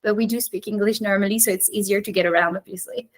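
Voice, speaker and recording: A woman's voice: medium pitch, fairly even intonation, quick pace, poor audio. A French woman with a French accent, a native French speaker, talking casually as a guest teacher over a video call and thinking aloud with frequent restarts. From France.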